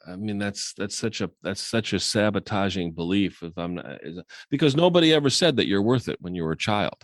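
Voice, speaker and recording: A man co-hosting a sales podcast in casual conversation, who acts out quoted dialogue with sharp jumps in pitch. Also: expressive, brisk, dry recording, clean studio sound. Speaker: sales coach and podcast co-host.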